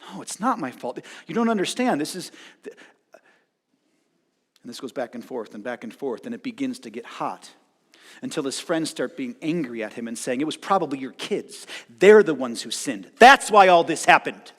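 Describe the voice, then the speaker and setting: Dramatic preacher in a reverberant hall. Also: male voice, mid-range voice, expressive, normal speed, breathy edge. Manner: dramatic retelling, acting out voices with loud outbursts. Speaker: pastor. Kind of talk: sermon. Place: church hall.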